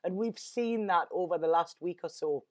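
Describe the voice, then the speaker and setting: A woman's voice: on the low side, moderate pace. A woman, a tarot reader talking in an earnest, rambling, emotional way and often repeating her words. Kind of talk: casual spiritual monologue.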